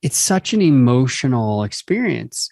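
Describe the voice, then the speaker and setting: A man's voice: mid-range voice, big pitch swings, a little slow, gravelly, darkish tone, no echo, clean studio sound. Chatty male podcast host. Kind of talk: interview hosting.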